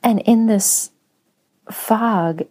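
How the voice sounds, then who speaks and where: A woman who writes and teaches writing, speaking slowly in a soft, reflective personal monologue with frequent pauses. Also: fairly high pitch. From Spanish-speaking home. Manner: slow, soft-spoken, pausing often.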